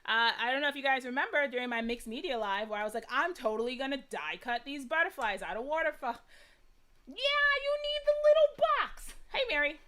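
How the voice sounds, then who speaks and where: The young American crafting streamer talks fast with few pauses, using a fairly high, expressive voice that's bright and forceful. She chats casually while working, laughs at herself a lot, and greets viewers by name.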